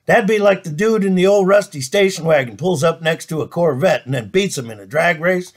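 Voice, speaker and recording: Casting: folksy comedian host, fairly high voice, spinning a yarn. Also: male voice, expressive, a little fast. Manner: folksy, drawling, joking. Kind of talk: comic storytelling monologue.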